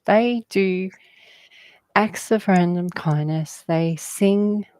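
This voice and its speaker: A woman's voice: on the low side, darkish tone, clear, resonant tone, no echo. A woman, a guest telling rambling spiritual stories in a conversation, often laughing. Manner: slow, meandering storytelling with laughs.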